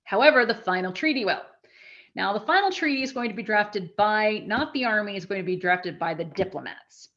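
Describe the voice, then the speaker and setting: A woman giving a live history lecture to an audience, talking in a conversational, animated way with frequent restarts. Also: mid-range voice, a little fast, dull audio.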